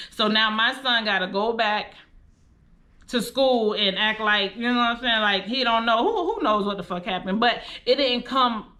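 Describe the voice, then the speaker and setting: Blunt woman vlogger, aave, bright clear voice, cursing, heartfelt storytime. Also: mid-range voice. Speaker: vlogger telling a personal story. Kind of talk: emotional storytime monologue.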